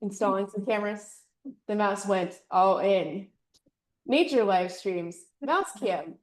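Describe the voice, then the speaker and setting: A woman student reading her comic aloud slowly and deadpan, giggling now and then. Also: mid-range voice. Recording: echoey room.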